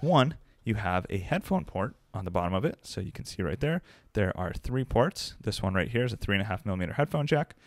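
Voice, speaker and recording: A young man giving an upbeat, conversational product review to camera from his home desk, speaking close into a desk mic on a boom arm. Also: lively intonation, brisk, few pauses, dry recording. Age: young adult. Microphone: dynamic desk mic on a boom arm, close.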